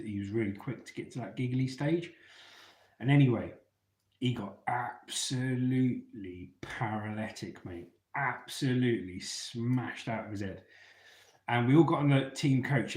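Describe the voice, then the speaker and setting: A man telling stories in a casual, chatty way, calling his listeners mate as he goes. His voice sits at an ordinary middle pitch. The room around him rings with echo. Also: a little mellow. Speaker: ex-soldier live-stream host. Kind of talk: casual live-chat storytelling.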